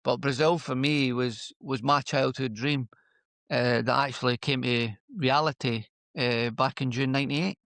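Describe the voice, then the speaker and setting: A man's voice: medium pitch, measured pace, no room sound. A man in his fifties whose Scottish accent has picked up a Lancashire lilt, speaking in a dry, close-miked sound. He tells his stories in an easygoing, anecdotal way during a casual podcast chat. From Scotland. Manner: relaxed, anecdotal storytelling. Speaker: podcast guest, former footballer.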